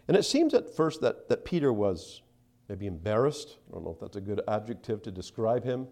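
A man preaching a sermon, acting out the speakers he quotes and dropping to soft asides between them. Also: lowish voice, very animated, a little fast, gravelly. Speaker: pastor.

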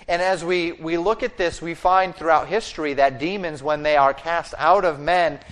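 A man preaching a sermon that explains a scripture passage line by line and acts out the quoted speech. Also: on the high side. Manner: expository preaching with fillers and restarts, acting out quoted speech. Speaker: pastor.

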